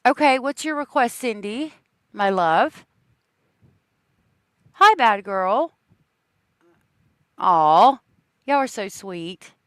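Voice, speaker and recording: A woman's voice: medium pitch, expressive, slow, no room sound. A woman hosting a casual true crime livestream, chatting with viewers and laughing often.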